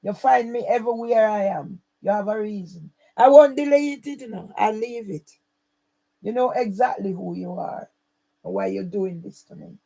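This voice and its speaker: A woman's voice: mid-range voice, normal speed, gravelly, dark tone, poor audio. A woman, running her own channel, speaking straight to camera in an angry, accusing and repetitive way. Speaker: channel owner. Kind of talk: angry direct-to-camera rant.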